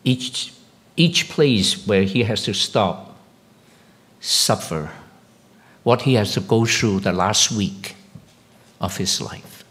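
Slow-speaking pastor preaching a sermon. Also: male voice, fairly bright tone. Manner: slow, halting delivery with questions to the congregation; rises sharply in pitch and volume when emphatic.

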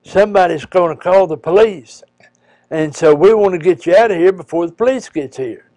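A man, a preacher, telling a personal story in a folksy, halting way with frequent pauses and restarts. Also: high-pitched, warm tone, dry recording.

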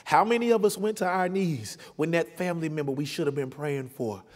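A man delivering a sermon with a voice pitched a bit above average. He moves from hushed, reflective moments to rising, urgent emphasis. His words trail off into the long reverb of a large sanctuary. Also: a little fast. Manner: impassioned, building from quiet to loud. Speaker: pastor. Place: church sanctuary.

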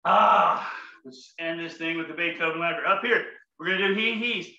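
A man leading a comedic laughter yoga session, his voice high, very bright and full of swoops as he jokes playfully with the audience. The recording sounds roomy and a bit dull. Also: normal speed. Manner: playful, upbeat, joking to the audience. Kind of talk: comedic exercise instruction.

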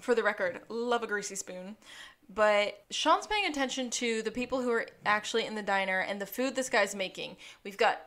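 A woman's voice: medium pitch, animated, moderate pace, a bit bright. A woman co-hosting a podcast, casually recapping a tabletop game scene with chatty, wry asides.

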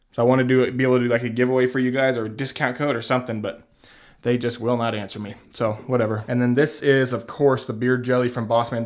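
A man talks casually into a camera he holds at arm's length, rambling from one product to the next. His voice sits at an ordinary middle pitch, loose and chatty, with casual swearing and easy laughs. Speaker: beard care vlogger. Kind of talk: casual product show-and-tell. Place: at home by a shelf. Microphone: handheld camera at arm's length.

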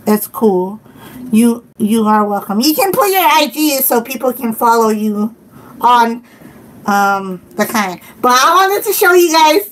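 A woman vlogger chatting casually while unboxing, giggling often and gushing with excitement. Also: on the high side, distant mic, rough recording. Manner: giggly and gushing, frequent laughter.

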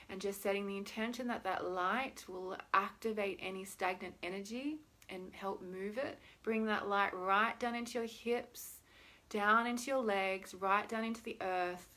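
A woman's voice: mid-range voice, pushed and bright. A young woman leading a guided tapping meditation with soothing, instructive talk and long sighs.

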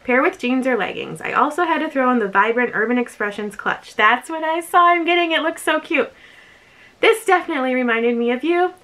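A woman's voice: sits high, brisk, sharp tone. A young woman vlogging an unboxing in casual chat, gushing and bubbly, saying "like" often. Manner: gushing, bubbly, says "like" a lot. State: a bit out of breath.

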